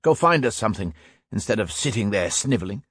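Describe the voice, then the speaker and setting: A man voicing a hardened male veteran soldier who barks orders loudly in an audiobook. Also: fairly low pitch, animated, brisk, husky, dry recording. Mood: commanding.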